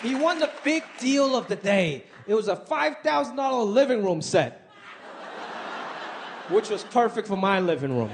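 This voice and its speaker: A man with a high voice performing stand-up comedy in an animated way, dropping in quick impressions. He is recorded live in a club, with a laughing audience and steady background noise. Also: crowd noise. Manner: animated, shifts between impressions.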